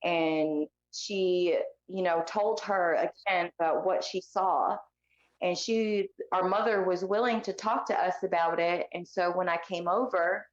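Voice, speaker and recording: A woman's voice: on the low side, measured pace. Woman guest, candid heated storyteller, lo-fi echoey call audio. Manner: candid and heated, with many fillers. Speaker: guest sharing her life story. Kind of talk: personal storytelling in a podcast interview.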